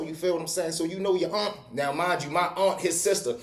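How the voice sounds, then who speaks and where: A man's voice: high-pitched, a little fast. A man telling a prison story in casual street slang, swearing freely. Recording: echoey room.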